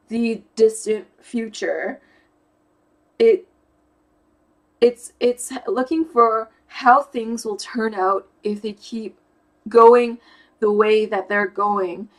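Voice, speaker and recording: A woman's voice: a little high, takes it slowly, low-quality recording. A young woman talking casually to camera, thinking aloud and searching for words as she explains how her mind works. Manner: thoughtful, searching for words with fillers and restarts. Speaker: YouTuber explaining personality type.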